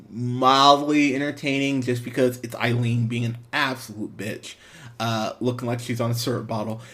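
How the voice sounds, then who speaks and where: A man hosting a podcast, talking through a movie review in a loose, rambling way. His voice sits at an ordinary middle pitch. He jumps between thoughts, restarts sentences and laughs often. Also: a bit bright. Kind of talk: casual spoken movie review.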